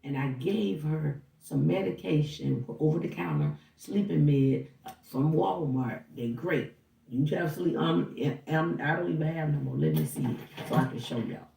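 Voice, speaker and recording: A woman with a gravelly, fry-edged voice recounts what she saw in an animated, casual way, slipping into the voices of the people in her story. She sits away from the microphone in an echoey room. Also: low voice, normal speed. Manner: animated, acts out dialogue while recounting. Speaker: housekeeper. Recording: roomy, distant from the mic.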